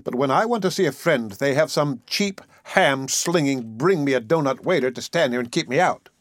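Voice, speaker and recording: A man's voice: mid-range voice, lively intonation, moderate pace, dry recording, natural voice. A man voicing a defiant, sardonic young woman. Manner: defiant, snappish. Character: brash sardonic young working-class woman.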